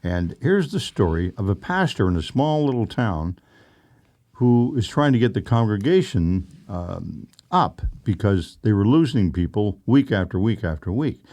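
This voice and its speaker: A man's voice: mid-range voice, warm tone. An older man from Canada co-hosting a podcast, telling stories casually with lots of fillers and chuckles. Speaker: podcast co-host. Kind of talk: casual storytelling chat.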